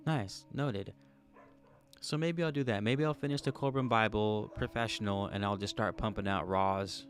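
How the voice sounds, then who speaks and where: A man's voice: fairly low pitch, fairly even intonation, normal speed, faint music behind. A man hosting a livestream, chatting casually and jokingly as he reads out viewer comments. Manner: laid-back, joking, thinking aloud. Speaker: livestream host.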